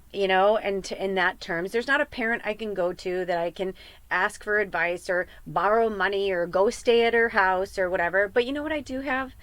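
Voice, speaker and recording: A middle-aged woman doing a casual pick-a-card tarot reading, wandering off into heartfelt, rambling asides. Her voice sits at an ordinary pitch and is recorded dry, with almost no room sound. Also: a bit bright, dry recording. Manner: rambling, chatty and heartfelt, with many fillers and asides. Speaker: tarot reader and podcast host.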